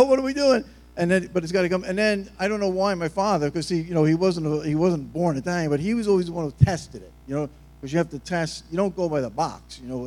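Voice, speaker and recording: Chatty joking preacher man, slightly high voice. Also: darkish tone. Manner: chatty, rambling, joking storyteller. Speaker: pastor. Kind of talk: sermon.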